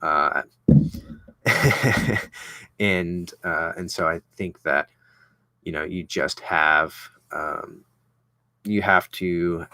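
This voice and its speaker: A man's voice: deep voice, extremely slow, pauses often, pushed and bright, no echo. A young man chatting casually as he unboxes and tastes a whisky, rambling with lots of fillers and restarts. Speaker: vlogger reviewing whisky.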